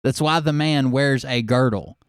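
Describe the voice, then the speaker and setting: A man's voice: mid-range voice, measured pace, clean tone, no echo, clean studio sound. A man hosting a show, giving casual, mocking commentary on clips. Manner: mocking, sarcastic.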